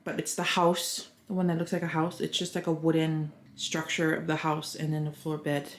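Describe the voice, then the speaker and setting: A young woman narrates her own home vlog in a loose, chatty way, thinking aloud as she goes. Her voice sits a little low. It is recorded on a small camera at home, with steady noise clearly heard underneath. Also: normal speed. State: out of breath at times. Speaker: vlogger. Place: at home, moving through rooms. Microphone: handheld camera.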